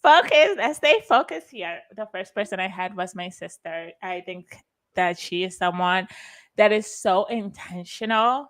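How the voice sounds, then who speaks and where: A woman's voice: medium pitch, expressive, measured pace, a bit bright. Effusive, emotional woman organizer. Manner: effusive and emotional, with frequent restarts. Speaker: conference organizer. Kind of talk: heartfelt conference talk.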